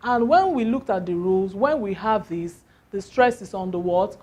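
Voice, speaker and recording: A woman's voice: mid-range voice, lively intonation, a little mellow, slightly rough, highs cut off. A woman teaching a lesson, asking questions and answering them herself, stretching out example words. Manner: slow, drawn-out emphasis on example words. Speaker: English teacher. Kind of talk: classroom lesson.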